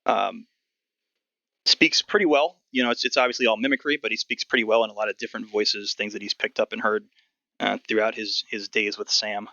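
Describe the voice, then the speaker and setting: A man running a tabletop game, describing scenes in a relaxed, filler-heavy way. His voice is gravelly and bright. The sound is dry and dull, lo-fi. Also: fairly low pitch, a little fast, no room sound. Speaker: game master.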